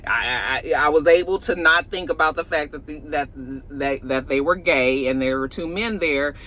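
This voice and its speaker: A man's voice: fairly high pitch, normal speed, a little hiss or hum. A man casually recapping and reviewing a TV episode, talking straight to his viewers and acting out lines with animation. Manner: animated, acts out characters' lines in a raised voice; chatty, talks straight to the viewers.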